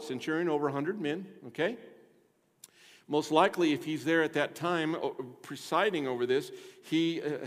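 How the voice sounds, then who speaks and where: A middle-aged male pastor preaching a sermon, emphatic, swinging between quiet and loud, questioning the congregation. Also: on the high side. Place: church sanctuary. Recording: long reverb of a church hall.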